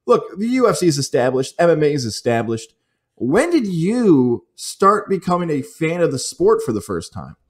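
A man's voice: a little high, big pitch swings, normal speed. A man from Central New York hosting a podcast, asking questions and joking in a conversational way. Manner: jokey, conversational interviewer. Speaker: podcast host. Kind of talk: casual podcast interview.

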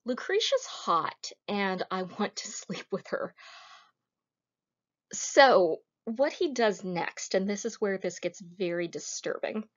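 A woman's voice: medium pitch, lively intonation, takes it slowly. A woman giving a recorded history lecture in a casual, conversational way, with wry asides. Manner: informal, wry asides, retells scenes with acted quotes. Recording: slightly dull lo-fi audio.

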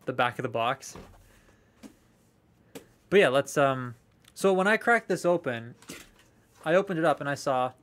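A man's voice: mid-range voice, a bit bright. A young man chatting casually on a live stream while unboxing collectible toys, rambling, swearing freely and answering viewer comments.

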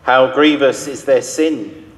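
Male lector, solemn scripture reading, very slow, long church reverb. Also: medium pitch.

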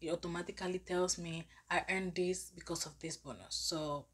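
A woman's voice: lowish voice, steady tone, moderate pace, fairly bright tone, slightly rough. A woman giving a step-by-step tutorial on a cashback app for her vlog, explaining plainly. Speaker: finance app reviewer.

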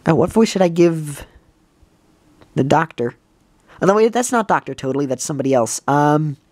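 A woman's voice: deep voice, expressive, normal speed, pauses often, a little mellow. Giggly woman narrating a let's play. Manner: giggly and self-deprecating. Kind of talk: casual gameplay commentary.

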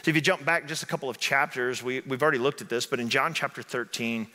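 Man preaching, chatty, keeps asking "right?", bright voice, reverb from a big church. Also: medium pitch, fast. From southern Indiana. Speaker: pastor. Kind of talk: sermon. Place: church sanctuary. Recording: echoey sanctuary hall.

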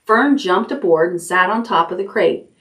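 Lady librarian reading a bedtime chapter book, lowish voice, gentle, goes up high for the characters. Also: moderate pace. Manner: gentle storytelling, lifts pitch for character lines. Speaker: children's librarian reading aloud.

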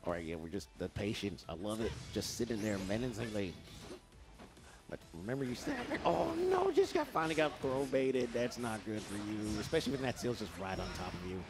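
A man giving playful, excitable live commentary on a fighting game match, acting out the players' thoughts. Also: lowish voice, brisk, over music.

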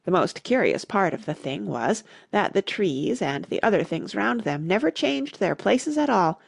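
A woman narrating an audiobook in an expressive storytelling manner. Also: mid-range voice, normal speed, vocal fry, slightly rough, no room sound, clean studio sound. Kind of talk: scripted narration.

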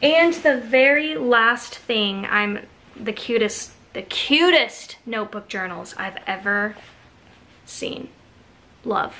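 A woman's voice: on the high side, animated, slow pace, sharp tone, a little hiss or hum. Gushing woman showing off her haul. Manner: gushing, enthusiastic. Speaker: haul vlogger. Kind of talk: casual show-and-tell haul.

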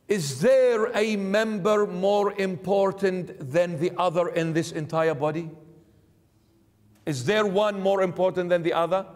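A man's voice: high voice, big-room sound. A man giving a sermon as a bishop, emphatic and full of rhetorical questions. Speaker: bishop preaching. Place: church.

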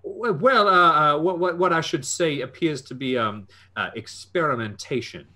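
A man's voice: on the high side, moderate pace, bright, forceful tone, pitched above the performer's own voice. A man voicing a flustered, pot-bellied older male salesman held prisoner, who stammers and repeats his words in a folksy, chatty way. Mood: embarrassed.

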